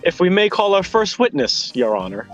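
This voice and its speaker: Brief: arrogant game prosecutor, voiced by a man, measured and swooping in pitch, dull lo-fi mic. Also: sing-song, faint music behind. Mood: smug. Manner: measured, confident pronouncements. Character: cool, arrogant male prosecutor. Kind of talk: fan voice dub of a game. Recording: dull lo-fi sound.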